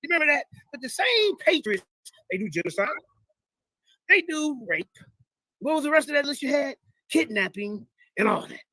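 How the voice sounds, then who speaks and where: A man's voice: very high voice, sing-song, moderate pace, pauses often, bright, forceful tone, no room sound, rough recording. A man pressing a guest with confrontational questions in a debate clip. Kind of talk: heated questioning in a played clip.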